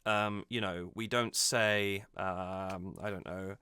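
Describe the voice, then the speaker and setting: Male reaction host breaking down a song, bright and crisp, thoughtful, often restarts his sentences. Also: deep voice, fairly even intonation, slow, dry recording. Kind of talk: casual music analysis.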